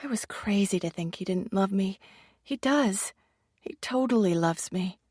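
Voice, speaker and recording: A woman's voice: high voice, animated, moderate pace, no echo, clean studio sound, voice pushed up. A woman voicing a nervous, hopeful young bride who pleads in a raised voice. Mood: relieved.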